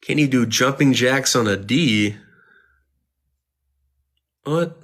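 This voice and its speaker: A man's voice: mid-range voice, normal speed, fairly bright tone. A man livestreaming who reads viewer messages aloud and answers them in a sarcastic, jokey way, swearing often. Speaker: livestreamer reading chat. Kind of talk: casual livestream chat. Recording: music playing clearly behind.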